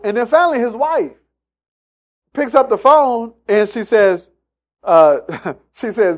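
A man's voice: very high voice, animated, measured pace, pauses often, fairly bright tone. A man preaching a sermon, emphatic and repetitive, acting out the voices of people in his stories. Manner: emphatic, repeats phrases, acts out quotes in story.

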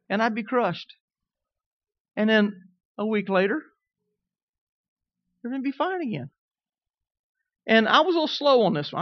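A middle-aged man preaching a sermon, telling humorous stories with lively rising emphasis. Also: high voice, no room sound, highs cut off.

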